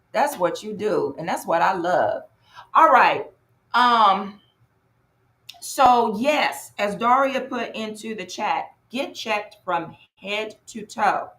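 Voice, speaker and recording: A woman's voice: mid-range voice, measured pace, reverberant. A woman from North Carolina, hosting a live online workshop and chatting with viewers by name. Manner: lively, chatty, greets viewers in the chat by name. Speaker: workshop host and coach.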